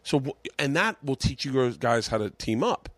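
A man's voice: medium pitch, lively intonation, normal speed, a bit bright, no room sound. A man hosting a podcast from his home den, talking in a dry, close sound. He tells loose stories full of swearing. He often laughs as he talks. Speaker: podcast host. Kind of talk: casual storytelling chat.

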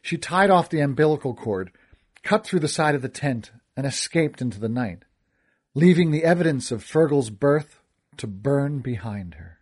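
A man narrating a first-person audiobook story, expressive and wisecracking in his character's dialogue. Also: mid-range voice, moderate pace, breathy edge.

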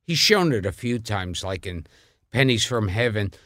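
Bright, lively-voiced talk show co-host. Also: male voice, on the low side, normal speed, no room sound, clean studio sound. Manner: animated storyteller, laughing. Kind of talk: casual chat. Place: studio.

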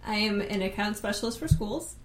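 A woman guest in a casual chat, quick with playful comebacks. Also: medium pitch, lively intonation. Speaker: account specialist, guest. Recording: roomy with faint hum.

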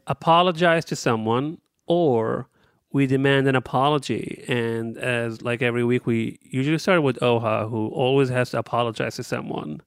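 A man co-hosting a casual podcast, telling stories in an animated way and laughing along. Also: mid-range voice, normal speed, few pauses, clean tone, dry recording, studio quality. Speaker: podcast co-host.

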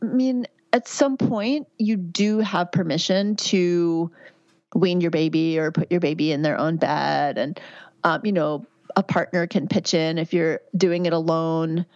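Woman, 50s, physician guest; candid, rambling podcast chat, lowish voice, dull dry audio. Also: steady tone, a little slow, no echo. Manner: candid, chatty, warm advice with frequent fillers. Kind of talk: podcast interview answers.

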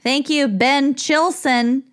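Giggly, unhurried podcast co-host woman. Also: sits high, steady tone. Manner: giggly, joking, self-interrupting. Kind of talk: casual chat reading patron thanks.

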